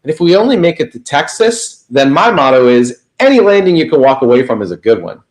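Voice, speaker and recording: A man's voice: mid-range voice, very animated, brisk, darkish tone, natural voice. A man quoting a laid-back jet pilot. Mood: calm.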